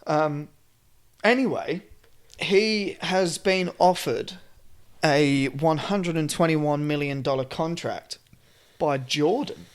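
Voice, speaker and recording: A man's voice: fairly high pitch, takes it slowly, smooth. An Australian man co-hosting a podcast in casual chat, swearing often and trailing off mid-sentence. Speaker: podcast co-host.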